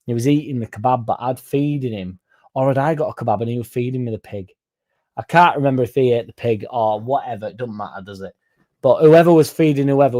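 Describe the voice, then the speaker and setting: A man's voice: medium pitch, mellow. A young man hosting a casual livestream, reading out comments and going off on sweary, rambling tangents. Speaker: fan channel livestream host.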